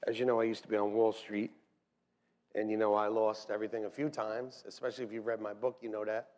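A middle-aged man, a pastor, preaching a lively, joking sermon to his church. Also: on the low side, fast talker. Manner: animated, joking, shouts and laughs between points. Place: church sanctuary. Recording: long hall reverb.

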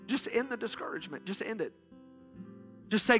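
A male pastor preaches with a very high, bright, ringing voice, urging the congregation along again and again with call-and-response prompts. A soft guitar plays underneath his sermon. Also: expressive, brisk. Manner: urgent call-and-response preaching, repeated "come on".

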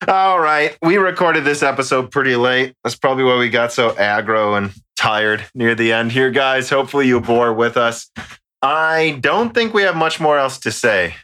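A man's voice: medium pitch, measured pace, bright, forceful tone, clear, resonant tone. A man co-hosting a podcast in casual chat, joking, swearing and stumbling over foreign words. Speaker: podcast co-host. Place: home recording during quarantine.

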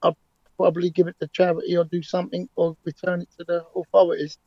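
A man's voice: high voice, monotone, fast, gravelly, muffled recording. A man, a cab driver talking confidently and emphatically as an interview guest, with frequent restarts. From England. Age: 60s. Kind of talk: remote interview, conversational storytelling.

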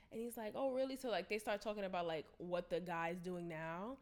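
A young woman telling a story in casual chat, slangy and animated, acting out the quotes. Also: lowish voice, fairly quick.

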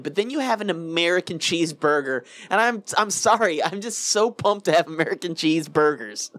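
A man's voice: a little high, expressive, fairly quick, few pauses, fairly bright tone, no room sound. A man co-hosting a podcast, trading crude, profane jokes in casual banter and slipping into silly voices. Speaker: podcast co-host.

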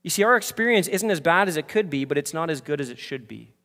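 A man preaching a sermon as pastor, moving from quiet asides to fervent, impassioned peaks. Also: a little high, lively intonation, fast, long reverb tail. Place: church sanctuary.

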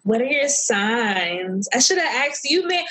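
A woman's voice: a little high, sing-song, unhurried, fairly bright tone, rough recording. A woman co-hosting a casual podcast chat, playful and giggly. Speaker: podcast co-host.

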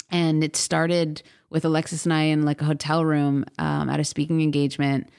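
A woman in her thirties speaks with a notably low pitch. She talks as a podcast guest in loose, rambling runs, full of fillers and restarts. She breaks into the voices of the people she quotes. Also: a little mellow. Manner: chatty, many fillers and restarts, acts out quotes. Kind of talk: casual interview chat.

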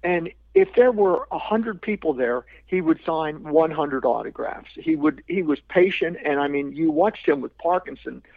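A man's voice: fairly high pitch, big pitch swings, moderate pace, vocal fry, hardly any pauses, dry recording. A man telling a story as a podcast guest, rambling with many restarts and repeated words. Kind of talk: anecdotal storytelling. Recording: tinny phone-like line, dry.

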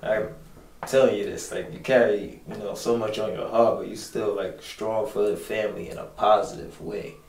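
A man's voice: on the low side, fairly even intonation, normal speed, darkish tone, roomy sound, distant mic, slight background noise, low-quality recording. A man co-hosting, talking earnestly heart to heart, full of "you know" and "like.". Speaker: co-host. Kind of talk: heart-to-heart conversation.

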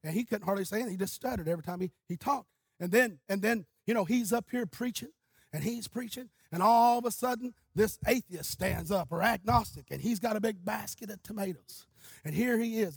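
A male pastor preaching a sermon, telling stories and building up to shouted exhortation. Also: sits high, fairly quick, slightly rough, no room sound. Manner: storytelling, rising to shouting.

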